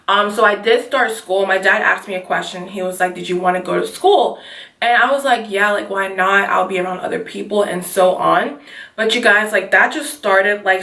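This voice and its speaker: A woman's voice: mid-range voice, fairly bright tone. Twenty-something woman rambling on her makeup vlog, slightly distant mic, echoey room. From Nigeria. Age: 20s. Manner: casual, rambling, keeps saying you guys. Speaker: beauty vlogger. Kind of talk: chatty get ready with me vlog.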